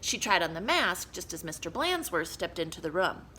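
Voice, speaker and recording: A woman reading a children's story aloud for young listeners. Her voice is bright and clear with lively, animated pitch. Her delivery is expressive and warm to the story. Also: moderate pace, a little hiss or hum. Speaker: children's book reader.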